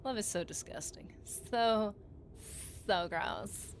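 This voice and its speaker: A woman's voice: medium pitch, slow pace, a little hiss or hum. A woman livestreaming a video game, chatting with her viewers in a giggly, rambling and playful way, teasing them and her partner. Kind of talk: casual gaming livestream chat.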